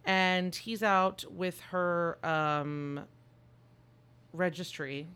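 Smooth-voiced woman, joking podcast co-host. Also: fairly low pitch, extremely slow. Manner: animated, joking, irreverent. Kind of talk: casual movie recap chat.

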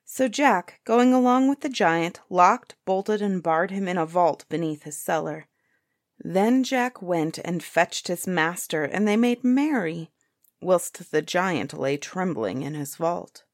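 Woman narrator for a fairytale read-aloud, slow, lower voice, dry close sound. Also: expressive, no room sound. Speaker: storyteller. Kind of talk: storybook reading aloud.

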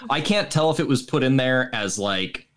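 A man's voice: medium pitch, lively intonation, normal speed, fairly bright tone. A young man co-hosting a casual music podcast, wry and critical, with hesitant restarts. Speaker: podcast co-host. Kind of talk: casual chat about music.

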